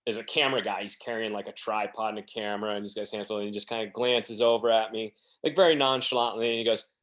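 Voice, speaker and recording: A man's voice: fairly low pitch, little pitch movement, fast talker, few pauses, a bit bright. Rambling self-mocking American man. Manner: rambling, self-deprecating, acts out quotes. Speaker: podcast guest. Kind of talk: casual storytelling.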